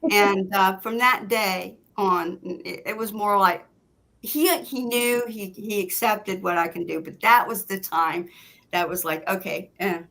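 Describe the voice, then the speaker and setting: A woman's voice: mid-range voice, a little slow. A woman guest telling a personal story in casual chat, acting out what people said. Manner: animated, acts out quoted lines.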